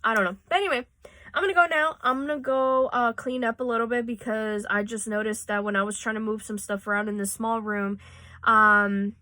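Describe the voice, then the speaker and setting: A woman's voice: on the high side, fairly even intonation, a little fast, sharp tone, no echo. A woman telling a personal story in a casual vlog, rambling and cursing freely, tearing up as she talks. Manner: rambling, tearful at times, swears freely. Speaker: vlogger. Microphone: phone.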